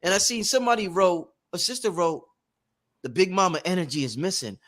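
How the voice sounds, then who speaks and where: Sing-song and fairly quick, this man's high, somewhat bright voice leads a spiritual workshop. His animated talk is emphatic and blunt, heavy on swearing and repetition.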